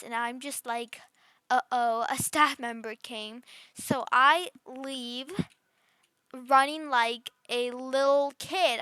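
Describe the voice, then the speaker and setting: In a bright, forceful, slightly high voice recorded dry, a woman plays a rude, bratty girl under ten for a role-play storytime. The character rambles smugly and gleefully through her tale, leaning on constant fillers.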